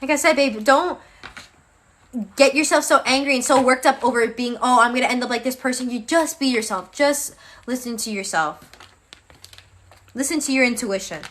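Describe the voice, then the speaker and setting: Young female tarot reader, casual and chatty, bright voice, a bit weary. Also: high voice, normal speed, long pauses, a little hiss or hum. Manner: casual, chatty, calls viewers babe. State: tired, yawning. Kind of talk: live-stream tarot reading.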